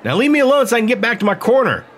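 A man's voice: very high-pitched, very animated, rapid-fire, fairly bright tone, a little hiss or hum, pitched above the performer's own voice, heavily acted. A man voicing a battered, stubborn male prizefighter who grumbles and snaps back in an audiobook. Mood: grumbling, stubborn. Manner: grumbling, curt.

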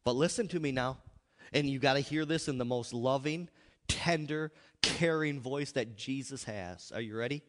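A male pastor preaching a sermon, swinging between loud outbursts and hushed asides. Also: mid-range voice, normal speed. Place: church. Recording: echoey hall.

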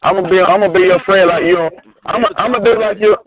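A man's voice: sits high, fast, over a noisy crowd. A man, a drag racer boasting and trash talking on a call, repeating himself and calling out names. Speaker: drag racer, show regular. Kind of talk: casual trash talk on a call. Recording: tinny phone line.

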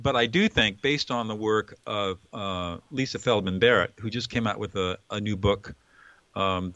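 Male mediator as interview guest, bright, emphatic, explains like a lecturer. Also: fairly low pitch, dry recording, highs cut off.

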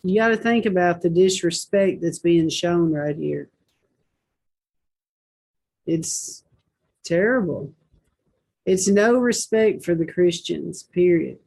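A woman's voice: on the low side, slow pace, gravelly, long pauses, a little mellow, slightly rough. A woman hosting a Christian talk show, reading posts aloud and commenting with indignant rhetorical questions.

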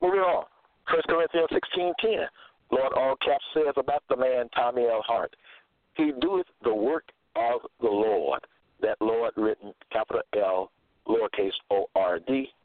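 Guy preaching slow and emphatic, repeats stuff, sounds like it's over a phone. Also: mid-range voice, expressive, no echo. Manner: emphatic, repeats phrases, spells out words. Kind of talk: scripture-reading sermon. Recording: tinny phone-line sound.

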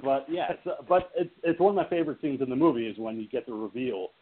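A man's voice: mid-range voice, animated, quick pace, very noisy. A man co-hosting a horror movie podcast, talking casually and enthusiastically, rambling and laughing often. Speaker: podcast co-host. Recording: tinny phone-like audio.

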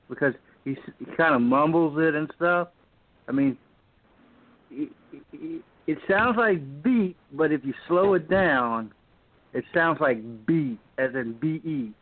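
A man's voice: fairly high pitch, no echo. A man on the call, speaking hesitantly and filling his sentences with stalls and restarts. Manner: hesitant, filler-heavy, slow. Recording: dry phone-like line.

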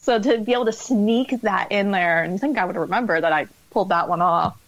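A woman's voice: mid-range voice, brisk, dry recording, lo-fi sound. A woman author being interviewed on a podcast, chatting casually and laughing at herself. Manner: chatty, self-deprecating, laughs often. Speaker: author guest.

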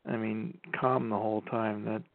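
A man chatting casually on a podcast, halting and full of fillers and restarts. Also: lowish voice, flat delivery, creaky, no room sound. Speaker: podcast co-host, the intern. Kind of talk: casual chat. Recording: tinny phone-like, dry sound.

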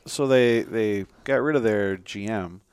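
A man's voice: on the low side, measured pace, smooth, dry recording. A man co-hosting a casual sports podcast, tossing in wry, dry quips. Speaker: podcast co-host.

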